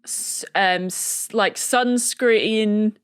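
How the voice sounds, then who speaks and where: A woman's voice: mid-range voice, drawn-out words, clean tone, no echo, studio quality. A woman guest on a podcast puzzle panel, chatting and joking as she guesses. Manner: chatty, jokey. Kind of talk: casual panel game chat.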